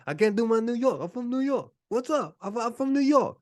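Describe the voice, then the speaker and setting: A man's voice: very high-pitched, expressive, moderate pace, dry recording, studio quality, pitched above the performer's own voice. A man putting on a brash, foul-mouthed Brooklyn tough guy as a joke impression on a podcast. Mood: brash swagger. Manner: loud, swearing, swaggering.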